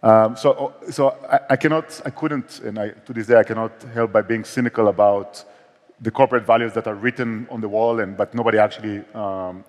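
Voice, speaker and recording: On the stage of a big conference hall, with long reverb in the recording, an Israeli-accented startup founder and CEO talks as a guest. His pitch is fairly low, his intonation fairly even, and he goes a little fast. He comes across as candid and self-deprecating, restarting frequently.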